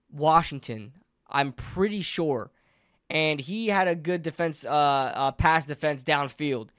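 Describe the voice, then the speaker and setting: A young man in a heated solo sports rant, frustrated and sarcastic, repeating himself, swearing, and bursting into louder outbursts, speaking into a close desk mic at home. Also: sits high, no echo. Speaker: sports fan ranter.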